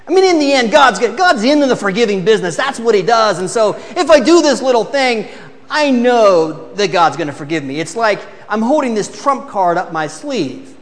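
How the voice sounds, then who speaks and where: A man's voice: high voice, sing-song, moderate pace, in a large hall. A man preaching a sermon, asking the congregation to read aloud and acting out excuses in mock voices.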